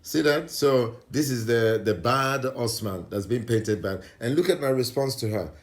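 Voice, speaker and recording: A man hosts his channel and comments on clips he plays, pointed and defensive as he argues his side. His pitch sits in the middle range for a man. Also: moderate pace, slight background noise.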